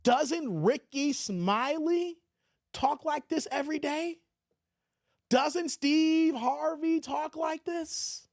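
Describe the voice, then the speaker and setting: A man's voice: very high voice, takes it slowly, no room sound, clean studio sound. A man reacting to clips as a commentary vlogger, often calling out to his viewers as guys. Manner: keeps addressing viewers as guys.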